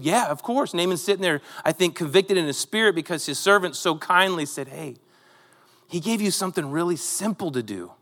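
A man's voice: high-pitched, a bit bright, in a large hall. A man preaching a sermon, retelling a Bible story in a conversational way with rhetorical asides to the congregation. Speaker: pastor.

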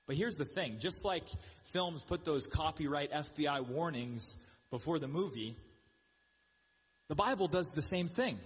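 A man preaching a sermon in an animated, joking way, with quick asides and mocking voices for the people he quotes. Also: on the high side, husky, in a large hall. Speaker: pastor.

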